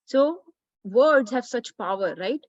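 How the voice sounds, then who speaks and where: A woman's voice: fairly high pitch, lively intonation, takes it slowly, no room sound, dull audio. A woman teaching a children's class, explaining patiently and often checking in with "right?".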